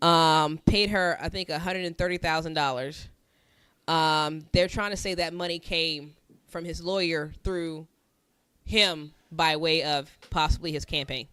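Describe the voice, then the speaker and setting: Woman podcast co-host, middle-aged. Bright and lively, slangy and profane. Dry, close sound. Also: low-pitched, a little slow, clean tone, no room sound. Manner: animated, laughing, slangy and profane. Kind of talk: casual chat.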